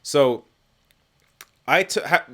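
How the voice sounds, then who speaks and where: A young Canadian man with a fairly high voice speaks extremely slowly while hosting a casual livestream. He answers viewer questions chattily in a live Q&A, often laughing and trailing off into fillers.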